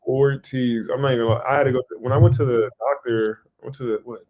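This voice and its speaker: A young man co-hosting a podcast, telling a story in casual chat, animated and swearing freely as he acts out what he said back then. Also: medium pitch, fast talker. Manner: animated, swears a lot, acts out his own past lines. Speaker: podcast co-host.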